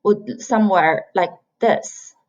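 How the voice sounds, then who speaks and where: Slow, patient woman teaching Chinese. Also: mid-range voice, a little mellow, highs cut off. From China. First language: Mandarin Chinese. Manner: slow, patient, demonstrates sounds by repeating them. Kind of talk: online language lesson.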